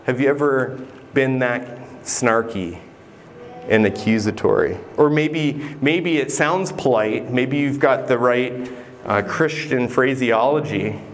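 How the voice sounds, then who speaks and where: A male pastor delivers a sermon in an earnest, conversational manner and sometimes restarts a phrase. His pitch sits in an ordinary middle range. A faint hiss runs under the recording. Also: takes it slowly.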